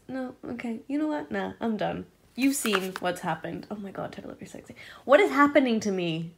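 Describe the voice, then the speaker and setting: Giggly, tired young woman with a gravelly edge. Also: medium pitch, expressive, moderate pace, a little hiss or hum. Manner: giggly, rambling, self-mocking, drops into whispers. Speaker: vlogger. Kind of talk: late-night casual vlog chat. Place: bedroom at night.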